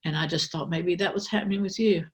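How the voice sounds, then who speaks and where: An older woman voicing a kind young pregnant hostess who gently coaxes a child. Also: on the low side, fast talker, lightly acted. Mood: soothing. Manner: gentle, coaxing. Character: kindly pregnant young woman host, soothing.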